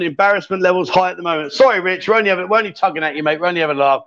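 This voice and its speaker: Brief: male host, high lively voice, jokey banter, lo-fi stream. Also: racing, soft background music. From England. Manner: teasing, jokey, reads out comments. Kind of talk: casual live-stream chat. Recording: dull lo-fi stream audio.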